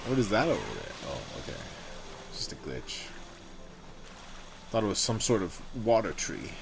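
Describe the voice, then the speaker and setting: A young man hosting a gaming livestream, talking casually and telling rambling, animated stories with swearing. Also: on the low side, moderate pace, creaky, background noise. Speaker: streamer host.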